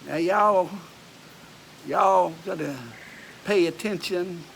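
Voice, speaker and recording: A man's voice: high-pitched, slow, vocal fry, a bit bright, slight background noise, pitched above the performer's own voice, full character voice, low-quality recording. A man hamming up a hearty Texas drawl. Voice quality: exaggerated drawl. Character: folksy hollering Texas man, friendly older host.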